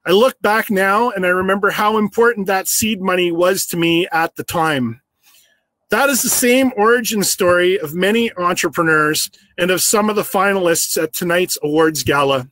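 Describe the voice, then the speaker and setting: A man who owns a business, delivering a prepared, earnest storytelling speech with slow, emphatic phrases. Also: high-pitched, fairly bright tone, no echo. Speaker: business owner giving an awards speech.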